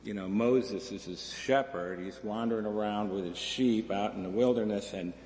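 A man preaching a sermon as a minister, slow and reflective, lifting his voice for the figures in the stories he tells. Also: on the low side, a little mellow, slight background noise. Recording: echoey hall, slightly distant.

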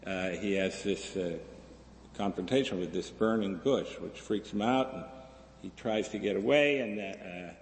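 A low, gravelly man preaches slowly and thoughtfully, drawing out his words and brightening his voice when he voices characters from his stories. The sound comes from a large echoing hall with a long reverb tail and faint ambient noise. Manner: slow and reflective, with lively voices for quoted figures. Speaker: minister. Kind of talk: sermon. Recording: echoey hall, slightly distant.

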